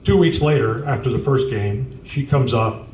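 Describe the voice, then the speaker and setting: A man in his sixties, a softball coach, giving a tribute speech in folksy storytelling style, acting out the dialogue. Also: mid-range voice, normal speed, background noise. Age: 60s. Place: large room at a memorial gathering. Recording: roomy, from far off.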